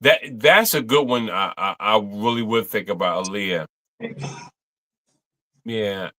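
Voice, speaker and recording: A man's voice: fairly low pitch, slow, sharp tone. A man co-hosting a livestream, chatting casually in slang, laughing and stammering. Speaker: co-host of a livestream watch-along. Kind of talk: casual chat reacting to a livestream.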